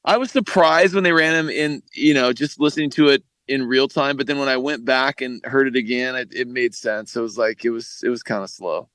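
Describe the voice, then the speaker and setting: Chill guy on a podcast, kinda teasing, medium pitch, dry. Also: brisk, few pauses, fairly bright tone, no room sound. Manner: laid-back, teasing. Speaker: podcast co-host. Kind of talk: casual chat.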